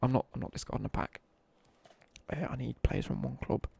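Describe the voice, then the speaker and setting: A man's voice: mid-range voice, a little fast, creaky, mellow, husky. A young man with a British accent telling laddish school stories in casual live-stream chat while gaming. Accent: British English. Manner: chatty, laddish anecdotes with slang, asides while gaming.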